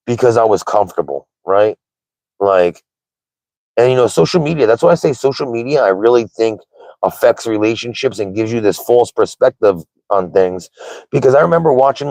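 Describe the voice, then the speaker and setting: Candid low-voiced man rambling casually. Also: darkish tone, dry recording, low-quality recording. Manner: candid, rambling, says "like" and "right?" a lot. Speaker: livestream host. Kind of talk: casual livestream chat.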